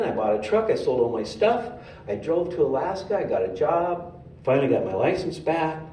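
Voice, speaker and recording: A man giving a sermon in a storytelling way, animated and humorous. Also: on the high side, moderate pace. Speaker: speaker at a spiritual center. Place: hall of a spiritual center. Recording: roomy hall, distant mic, faint noise.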